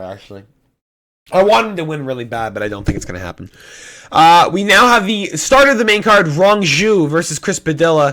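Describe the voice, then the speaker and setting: A young man casually talking through fight predictions, cursing often and changing his mind out loud. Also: mid-range voice. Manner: indecisive, swears often, flips picks. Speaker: MMA prediction YouTuber. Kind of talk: casual solo prediction talk.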